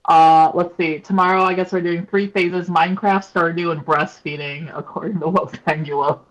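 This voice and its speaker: A woman's voice: fairly low pitch, steady tone, moderate pace, poor audio. Giggly, playful woman on a call. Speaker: friend on a call. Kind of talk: casual chat on a voice call.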